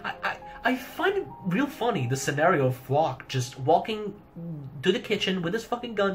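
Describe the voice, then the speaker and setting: A man's voice: sits high, sing-song, moderate pace, fairly bright tone, soft background music. A young man giving a rambling casual review of a manga chapter, swearing heavily and laughing often. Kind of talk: casual commentary.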